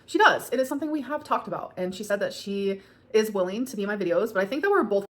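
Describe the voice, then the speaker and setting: A woman's voice: medium pitch, expressive, quick pace. A woman in her thirties answering viewer questions in a casual vlog, rambling with many fillers and getting emotional.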